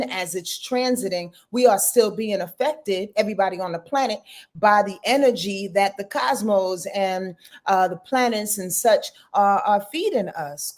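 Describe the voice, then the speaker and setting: A woman guest on a podcast, explaining her topic in a casual, animated way with plenty of fillers. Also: mid-range voice. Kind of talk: casual interview talk.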